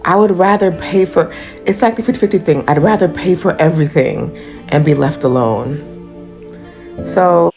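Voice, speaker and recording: A woman's voice: fairly low pitch, moderate pace. A woman giving a blunt, dismissive lecture to men about dating, in a social media video clip. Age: adult. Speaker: commentator. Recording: dull clip with music behind.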